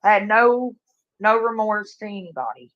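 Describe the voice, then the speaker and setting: A woman's voice: medium pitch, expressive, measured pace. A middle-aged woman calling in to a livestream, blunt and outspoken with a motherly streak. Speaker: caller on a livestream. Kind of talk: casual chat. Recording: dull muffled call-in audio.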